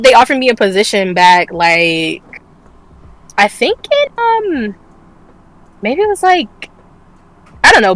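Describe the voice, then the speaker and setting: A woman's voice: medium pitch, a bit bright, no room sound, poor audio. A woman co-hosting a casual streamed talk show, telling a personal story candidly, swearing freely and laughing often. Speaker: podcast co-host. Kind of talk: casual chat.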